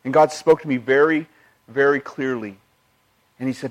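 A man's voice: medium pitch, steady tone, moderate pace, long pauses. Earnest male pastor preaching a sermon. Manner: earnest, shifts between emphatic and hushed delivery; quotes scripture and retells personal stories.

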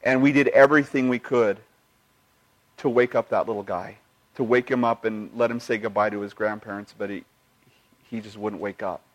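A man's voice: lowish voice, steady tone, moderate pace. Earnest male pastor preaching a sermon. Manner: earnest, shifts between emphatic and hushed delivery; quotes scripture and retells personal stories.

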